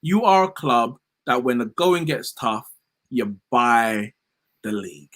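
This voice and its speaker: Animated man hosting a stream. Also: medium pitch, slow pace. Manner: animated, slangy, reads out comments. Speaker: host. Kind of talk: casual football livestream chat.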